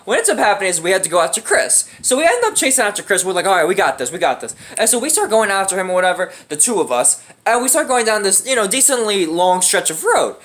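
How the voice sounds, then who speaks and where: A young man with a high, bright, forceful voice tells a funny anecdote in a casual way, full of slang and swearing. He laughs often as he goes.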